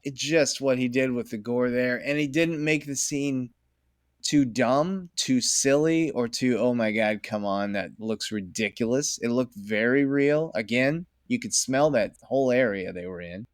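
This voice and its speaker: A middle-aged man with a medium-pitched voice talks as a podcast guest, rambling and enthusiastic, breaking into laughter often. The recording is dry and close, with no room sound. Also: unhurried, no echo. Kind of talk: casual conversation.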